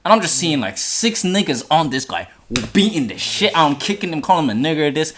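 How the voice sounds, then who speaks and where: A young man hosting a podcast, telling a story in casual chat with lots of swearing and sudden high-pitched outbursts when he quotes himself. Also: sing-song, fairly quick, a bit bright. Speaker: podcast host.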